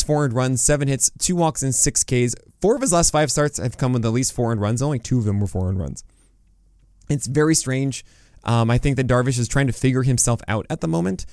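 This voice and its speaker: A man hosting a casual podcast, chatty and animated, rattling off stat lines with self-mocking asides. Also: medium pitch, clean tone, no room sound, clean studio sound. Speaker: podcast host. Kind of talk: casual podcast talk on fantasy baseball.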